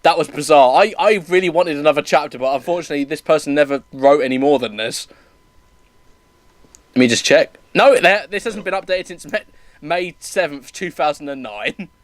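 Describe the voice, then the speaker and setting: A fairly high-pitched man reads bad fan fiction at a moderate pace for comic effect, adding commentary, with no room sound. He regularly bursts out laughing and trips over words.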